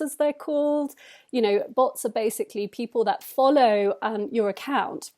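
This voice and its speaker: Woman writer talking it through, kinda high voice, lots of ums and pauses. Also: dark tone. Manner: thoughtful, measured, frequent hesitations. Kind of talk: spoken personal reflection.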